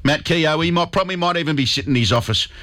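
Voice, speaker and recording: A man's voice: a little high, fast, bright, forceful tone. A man with an Australian accent hosting a talkback radio show, speaking with fired-up, indignant emphasis into a studio microphone. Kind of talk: talk radio commentary.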